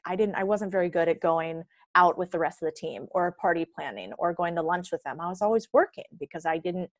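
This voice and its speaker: A young woman telling an animated story in a podcast interview, acting out the people she quotes. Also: on the low side, no echo. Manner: animated, acts out quoted dialogue. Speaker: guest.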